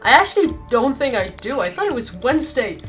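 A young woman with a high, brisk voice chats casually with her viewers on a live stream. She giggles, often bursts into laughter, and exclaims excitably, with faint music in the background.

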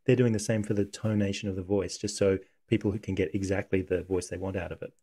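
A man hosting a casual coding tutorial, talking through software on screen in a relaxed, conversational way. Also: low-pitched, fast, breathy edge. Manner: relaxed, conversational, thinks aloud.

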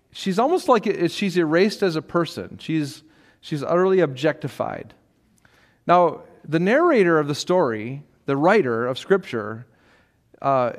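A middle-aged man delivers a sermon in a church sanctuary, speaking in a slightly raised register. His delivery is conversational and full of restarts. Now and then he lifts his voice to act out what other people say. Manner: conversational preaching with frequent restarts and light laughs; acts out quoted voices with sharp rises in pitch. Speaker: pastor.

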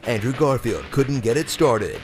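A man's voice: mid-range voice, unhurried. Sarcastic trailer-announcer man. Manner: deadpan, sarcastic. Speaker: trailer narrator. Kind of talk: mock movie-trailer narration. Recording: narration over music.

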